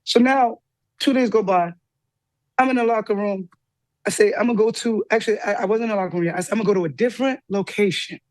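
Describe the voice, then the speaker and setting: A woman guest telling a personal story with lively energy, acting out the voices of the people in it. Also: fast talker, dry recording. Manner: lively, acts out quoted dialogue with big pitch jumps. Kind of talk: animated storytelling in an interview.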